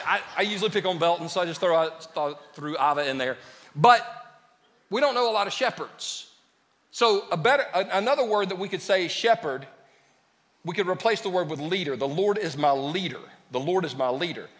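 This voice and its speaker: A man preaching a lively sermon as a pastor, joking with his congregation. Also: high-pitched, fairly quick, in a large hall. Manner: lively, joking with the congregation, calls them "y'all". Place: church sanctuary.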